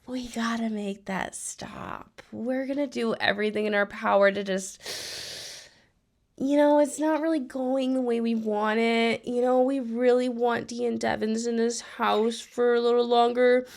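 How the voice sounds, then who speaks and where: A woman's voice: fairly high pitch, fairly even intonation, measured pace, creaky, a little mellow. A young woman recapping a reality show to her viewers, ranting in exasperation and swearing often.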